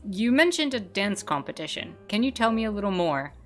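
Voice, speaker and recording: A woman reading the lines of a calm, polite frog detective from a game in a deadpan way, with faint music behind. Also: mid-range voice, fairly quick, close to an everyday voice.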